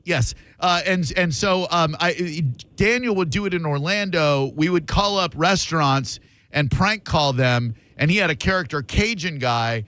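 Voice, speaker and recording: A man's voice: a little high, measured pace, pushed and bright, dry recording. Sarcastic male radio host, dry studio sound. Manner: sarcastic, playfully mock-indignant. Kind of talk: casual radio banter. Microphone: studio microphone.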